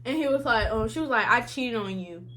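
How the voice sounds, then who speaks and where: Lively high-voiced woman telling a story. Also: a little fast. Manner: animated, slangy, acts out quotes. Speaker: vlogger. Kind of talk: casual storytime.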